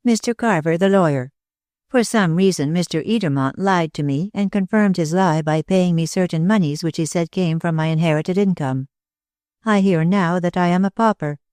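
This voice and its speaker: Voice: mid-range voice, moderate pace, clean tone, dry recording, clean studio sound, close to an everyday voice. A narrator voicing a proud, bitter young woman. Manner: steady and bitter. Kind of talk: audiobook character reading.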